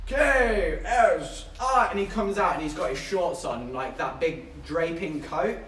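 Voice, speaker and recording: A man's voice: a little high, moderate pace, a bit bright, distant mic, a little hiss or hum. A young man from southern England chatting casually to his livestream chat, telling stories with giggles along the way. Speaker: streamer. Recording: echoey room, voice a bit off-mic.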